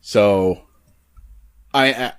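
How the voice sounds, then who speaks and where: A man's voice: lowish voice, very slow, clean tone. A man co-hosting a wrestling podcast in casual chat, enthusiastic and often repeating words as he starts a thought. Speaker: podcast co-host.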